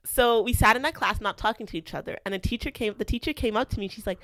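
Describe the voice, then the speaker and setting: A young woman from Canada hosting a podcast, telling a school story in a chatty, animated way and acting out the quotes. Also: medium pitch, brisk, hardly any pauses, dry recording. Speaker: podcast host. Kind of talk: casual storytelling.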